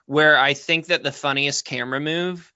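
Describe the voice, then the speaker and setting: Man, podcast co-host: bright, slightly high voice, opinionated rants, dry muffled mic. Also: clear, resonant tone, no room sound. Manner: animated, opinionated, talks fast with many fillers. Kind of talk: casual film-discussion chat.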